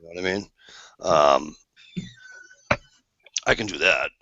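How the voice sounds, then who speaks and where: A man's voice: sits low, slow, pushed and bright, a little hiss or hum. A man telling a rambling, swear-laced story in casual chat. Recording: dull lo-fi sound.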